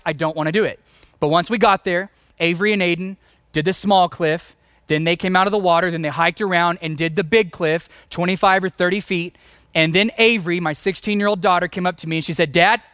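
A man's voice: sits high, fairly bright tone, clear, resonant tone, no room sound, clean studio sound. A man in his forties, a pastor preaching a sermon, telling a story with self-mocking humor and strong emphasis.

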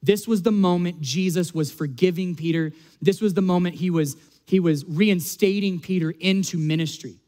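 A man's voice: high voice, normal speed, darkish tone. A man preaching a sermon, earnest and building to emphatic peaks. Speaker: pastor.

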